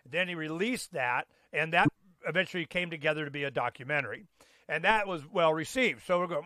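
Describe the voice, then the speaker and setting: A man's voice: on the high side, a little fast, pushed and bright, no room sound, studio quality. A man hosting a talk show, chatting in a loose, folksy way with lots of fillers and restarts. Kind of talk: casual rambling chat.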